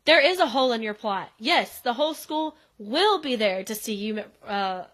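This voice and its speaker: A young woman with a slightly high voice chats through a show recap as a podcast co-host. She laughs often and fills her sentences with "like.". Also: lively intonation, moderate pace, a bit bright. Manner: chatty, laughing, frequent "like" fillers. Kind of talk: casual recap chat.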